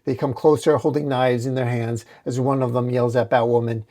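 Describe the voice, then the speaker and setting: A man hosting a comic book channel, narrating a dramatic comic recap in a steady storytelling manner. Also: medium pitch, fairly quick, hardly any pauses.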